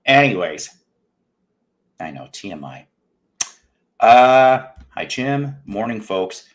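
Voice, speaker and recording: A man's voice: on the low side, very animated, takes it slowly. A man hosting a livestream show from home, talking in a rambling, self-mocking, jokey way. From United States. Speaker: livestream music show host. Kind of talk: casual livestream chat.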